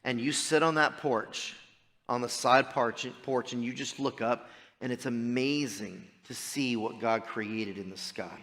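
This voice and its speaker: Pastor preaching in a reverberant church. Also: male voice, medium pitch, a little slow. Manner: swings from loud preaching to quiet storytelling. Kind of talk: sermon. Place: church sanctuary.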